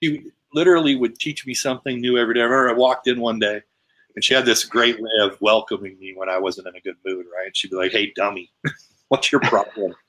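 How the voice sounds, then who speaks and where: A man's voice: medium pitch, fairly even intonation, fast talker, fairly bright tone. A man guest telling a personal story in casual, emphatic conversation. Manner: emphatic, retelling with quoted dialogue.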